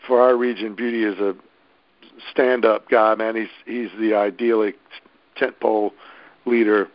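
A man's voice: lowish voice, little pitch movement, unhurried, dry recording, muffled recording. A man organizing a hosted event, chatting casually and enthusiastically with many restarts. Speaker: local event host organizer. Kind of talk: casual podcast chat.

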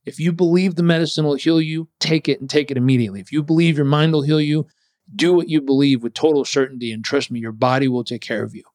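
A man quoting his father, who gives slow, assured advice. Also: on the high side, steady tone, darkish tone, lightly acted. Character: calm, certain father giving advice.

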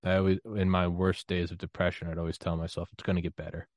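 A man's voice: low voice, level tone, quick pace, dry recording, studio quality. A man from the United States hosting a podcast, talking in a loose, rambling, self-deprecating way and laughing often. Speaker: podcast host. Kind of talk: casual conversational interview.

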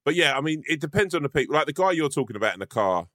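A man's voice: a little high, racing, dry recording. Laughing, swearing man, dry sound. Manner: laughs often, swears freely, animated. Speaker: podcast co-host. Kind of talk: casual comedic chat.

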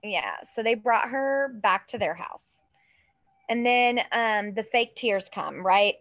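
A woman's voice: mid-range voice, expressive, slow, fairly bright tone, no echo, poor audio. A woman in her thirties co-hosting a casual chat, telling a story in a loose, swearing, laughing way. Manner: chatty, swearing, acts out quoted voices with laughter. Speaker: podcast co-host telling a true crime case.

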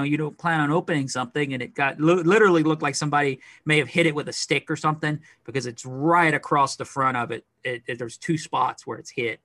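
A middle-aged man co-hosting a podcast, chatting casually in a rambling, animated way with lots of fillers. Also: on the high side, dry recording. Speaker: podcast co-host. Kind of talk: casual chat.

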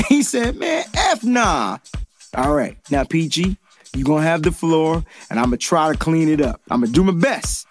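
A man hosting a casual sports chat show, animated and joking, heavy on slang. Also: on the high side, normal speed, faint music behind. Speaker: podcast host.

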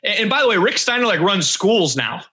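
A man's voice: high voice, fairly quick. A man casually telling a backstage story on a talk show, acting out what others said. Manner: animated storyteller acting out quotes.

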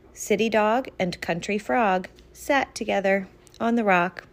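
Slow, gentle woman reading a storybook. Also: medium pitch. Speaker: reader to a child. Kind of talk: storybook read-aloud.

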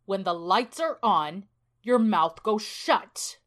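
A woman's voice: low-pitched, brisk. A woman voicing a cruel, menacing male bus driver in a horror story, talking in a cold, threatening way.

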